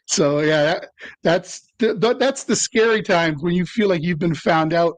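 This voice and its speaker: A middle-aged actor talking as an interview guest, telling rambling, self-deprecating stories. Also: male voice, high-pitched, unhurried, dry recording. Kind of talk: casual interview storytelling.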